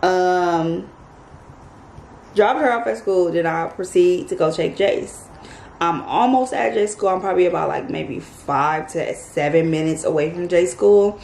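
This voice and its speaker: A woman vlogger telling a story to her viewers in a casual, animated, chatty way. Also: fairly low pitch, a little slow, gravelly. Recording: echoey room, faint background noise.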